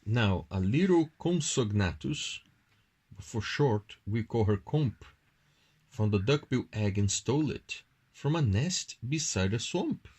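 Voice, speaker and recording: A man reads a bedtime story aloud at home, slow and singsong. His voice is husky and breathy, with a lively rise and fall on every line. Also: mid-range voice. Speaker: parent reading to a child.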